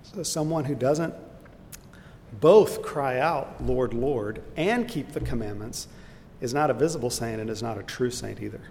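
A man teaching a Bible study lesson in an earnest, explanatory way, pausing with fillers and restarts. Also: lively intonation, gravelly, a little mellow. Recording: echoey hall with faint rumble.

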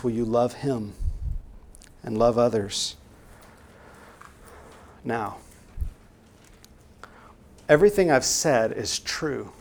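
A man's voice: medium pitch, darkish tone. Earnest male preacher exhorting a congregation. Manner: earnest, exhorting, rhetorical questions. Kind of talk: sermon.

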